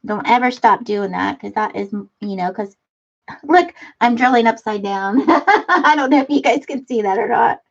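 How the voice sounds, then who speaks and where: A woman's voice: a little high, normal speed, vocal fry, dull audio. Chatty, giggly woman hosting a craft livestream. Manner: chatty, giggly, talks to viewers. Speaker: livestream host. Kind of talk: casual chat while crafting, reading comments. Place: front room of a house. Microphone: computer webcam mic.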